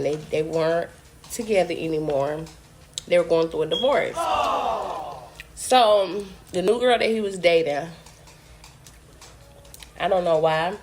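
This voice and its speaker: A woman's voice: fairly low pitch, vocal fry, slight background noise. Blunt, cussing young woman telling a story. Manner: blunt, profane, animated storytelling. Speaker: vlogger. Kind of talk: casual storytime while eating.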